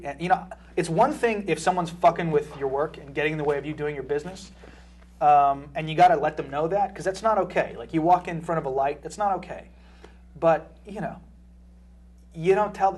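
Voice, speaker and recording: A young man, an actor, telling a blunt, swear-heavy anecdote in casual chat. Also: fairly high pitch. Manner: blunt, swears freely, animated storytelling. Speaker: actor guest.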